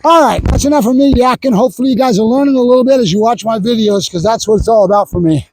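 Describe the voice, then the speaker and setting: A middle-aged man training a dog outdoors, explaining plainly between high sing-song bursts of praise. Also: quick pace, a little mellow, dry recording, low-quality recording. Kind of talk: casual training demonstration.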